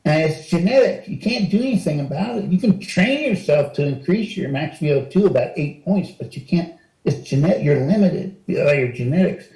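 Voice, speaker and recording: Animated older man telling stories, roomy echo. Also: normal speed. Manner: animated storyteller, acts out quotes with rising pitch. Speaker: interview guest, retired wrestler. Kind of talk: casual storytelling interview.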